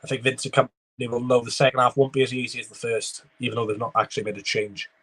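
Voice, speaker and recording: A man's voice: mid-range voice, fairly even intonation, fast talker, a bit bright, breathy edge. Chatty man giving live match reactions. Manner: chatty running commentary, reading out viewer messages. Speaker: football watchalong streamer.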